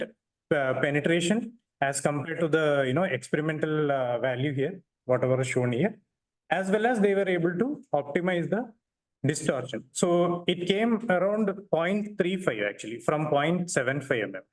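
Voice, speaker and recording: A man presenting a technical lecture in a hall to an audience, talking haltingly with many fillers. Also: a little high. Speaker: workshop presenter.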